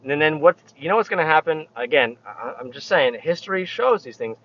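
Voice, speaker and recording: A man vlogging while he drives his truck, rambling in halting, restarting phrases with a sarcastic edge. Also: a little high, expressive, a bit bright, highs cut off. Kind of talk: casual opinion vlog. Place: inside a truck while driving.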